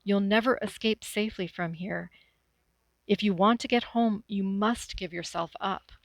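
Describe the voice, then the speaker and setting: Calm, determined teen girl taking charge, voiced by a woman reader, dry close sound. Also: medium pitch, a little slow, gravelly, dry recording. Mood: stern. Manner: even, determined, stern.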